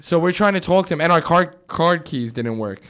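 Animated man telling stories. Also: a little high, a little fast. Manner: animated storyteller acting out quotes, laughing often. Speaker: podcast host. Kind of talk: casual storytelling chat.

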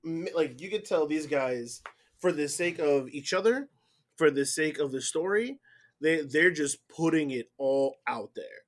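A man co-hosting a casual wrestling recap chat, animated and given to loud whoops. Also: fairly high pitch, a little slow. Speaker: podcast co-host.

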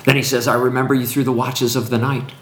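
A man's voice: medium pitch, little pitch movement, quick pace, fairly bright tone. A man speaking in a teaching conversation with emphatic, preacherly build-ups and repetition. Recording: roomy echo.

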